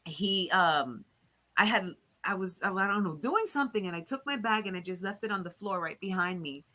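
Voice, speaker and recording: A woman from Rico, a teacher chatting as a guest, animated and laughing often as she acts out quotes. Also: mid-range voice, normal speed. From Puerto Rico. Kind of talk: casual chat.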